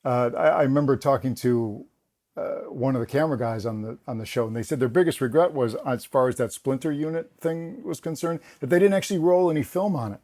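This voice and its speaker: A man, a guest on a podcast, telling behind-the-scenes anecdotes in a casual, animated way, often laughing and restarting his sentences. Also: mid-range voice, brisk. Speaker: guest, former film production assistant. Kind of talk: casual interview storytelling.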